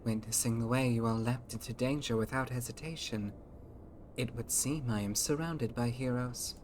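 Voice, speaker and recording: A woman voicing an earnest, self-doubting fantasy game companion in a breathy voice with formal, archaic phrasing. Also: a bass voice, normal speed, a little mellow, a little hiss or hum, voice pushed down. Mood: solemn. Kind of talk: voicing game dialogue aloud.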